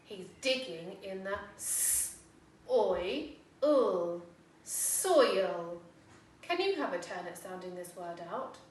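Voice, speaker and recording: An English woman, an infant school teacher, giving a phonics lesson to young children in a slow, sing-song, encouraging way and sounding words out. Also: medium pitch, expressive. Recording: echoey room, voice from a distance, faint background noise.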